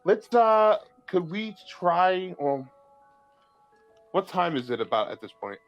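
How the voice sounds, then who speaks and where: A man playing a tabletop game, playful and giggly, jumping between pitches. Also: very animated, slow pace, highs cut off, soft background music. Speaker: player. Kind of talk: casual tabletop play.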